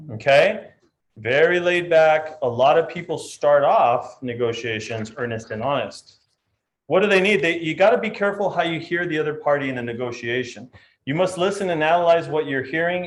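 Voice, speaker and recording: A man leading a live real estate training session, talking in a lively way and acting out client voices. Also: fairly high pitch.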